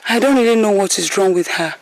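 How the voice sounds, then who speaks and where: An actress playing a kind, protective young princess in a Nigerian film drama, speaking with a Nigerian accent. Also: female voice, medium pitch, fast talker, slight background noise, close to an everyday voice. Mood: gentle.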